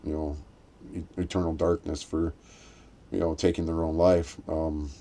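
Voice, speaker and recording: A man's voice: little pitch movement, moderate pace, warm tone, a little hiss or hum. A man in casual chat, telling a rambling story with many restarts and acting out quoted voices. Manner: acts out quoted voices in a raised pitch.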